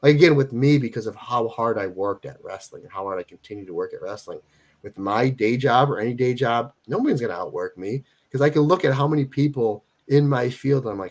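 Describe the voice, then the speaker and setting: A man's voice: mid-range voice, fairly quick. A man in his forties, a guest in a casual interview, talking emphatically and repeating his points to drive them home. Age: 40s. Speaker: guest wrestler.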